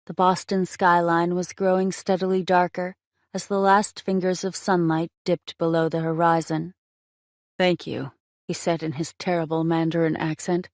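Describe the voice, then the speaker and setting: A woman narrating a romance audiobook in a measured, expressive reading on a close mic. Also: on the low side, no echo.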